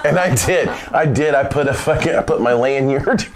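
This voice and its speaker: A man hosting his own show, telling a funny story in an animated, loose way, laughing often and swearing casually. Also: medium pitch, moderate pace, noisy background. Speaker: vlog host. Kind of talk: comic storytelling.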